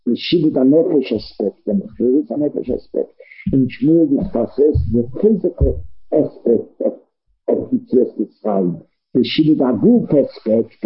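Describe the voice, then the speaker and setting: A man's voice: mid-range voice, husky, narrow, tinny audio. A man teaching a Talmud lesson, thinking aloud, repeating words and restarting phrases as he works through the argument. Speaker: Torah teacher. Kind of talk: Talmud lecture.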